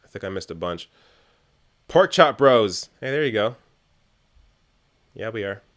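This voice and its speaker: During a casual live Q&A, a young man from Canada answers questions from his chat in a talkative way, laughing a lot and trailing off into fillers. His voice is lowish, expressive, a bit bright, and at a normal speed.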